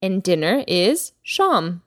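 Animated woman teaching a language. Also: on the low side, no room sound, clean studio sound. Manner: clear teacherly delivery, slows down for vocabulary. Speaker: Persian teacher, podcast host. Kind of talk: language lesson podcast.

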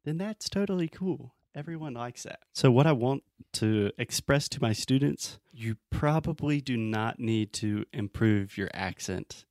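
A man's voice: medium pitch, animated, unhurried, hardly any pauses, darkish tone, no room sound, clean studio sound. A man with a Southern US accent, an English teacher explaining in a casual chat, often acting out sample quotes. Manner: explains with acted-out example quotes.

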